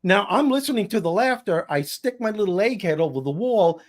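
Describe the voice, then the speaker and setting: Animated comic storyteller, a man. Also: high-pitched, brisk. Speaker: guest comedian and speaker. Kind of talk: storytelling in casual chat.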